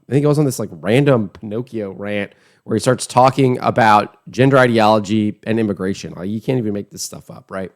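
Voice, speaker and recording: A man's voice: fairly low pitch, a little fast. A man hosting an online political commentary show, talking in a scornful, emphatic, conversational way.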